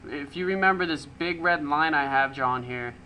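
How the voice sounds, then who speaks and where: A man with a fairly high, bright and forceful voice hosts a weekend market review. He talks quickly through the charts and often restarts with ums. A faint hiss sits under the recording. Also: rough recording. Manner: brisk, with frequent ums and restarts. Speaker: market analyst host. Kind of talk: casual market commentary over charts.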